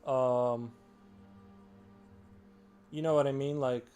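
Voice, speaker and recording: A man hosting a live stream, talking loosely to his viewers. He wanders from thought to thought and fills his sentences with "like" and "um." His pitch sits in an ordinary middle range. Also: steady tone, slow, a little mellow, faint music behind. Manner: rambling, heavy filler "like". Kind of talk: casual live-stream chat.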